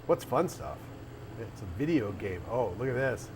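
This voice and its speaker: A man's voice: mid-range voice, sing-song, normal speed, noisy background. A man who owns an arcade, chatting casually on a livestream and thinking aloud as he goes. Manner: rambling, thinking aloud with restarts. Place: arcade café interior.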